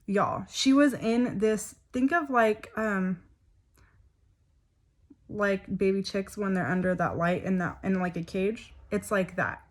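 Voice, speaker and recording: A woman's voice: medium pitch, takes it slowly. A young woman telling a personal story in a chatty, emotional way, full of fillers and asides. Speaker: vlogger.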